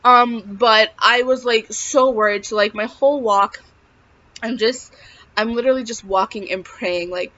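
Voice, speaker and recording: A woman's voice: on the high side, steady tone, unhurried, pushed and bright. A young woman telling a personal story in a casual vlog, chatty and full of filler words. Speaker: vlogger. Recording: slightly dull lo-fi sound.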